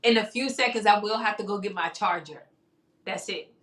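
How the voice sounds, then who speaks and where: A woman's voice: medium pitch, normal speed, echoey room. A woman guest on a live-streamed interview, talking openly and animatedly about her path. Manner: animated, warm-hearted, calls people baby. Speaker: guest, talk show host and coach. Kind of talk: casual interview conversation.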